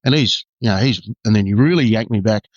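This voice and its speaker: Low-voiced Australian man, halting storyteller. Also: no room sound, lo-fi sound. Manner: halting, full of "you know" and restarts. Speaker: guest, former undercover detective. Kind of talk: candid storytelling.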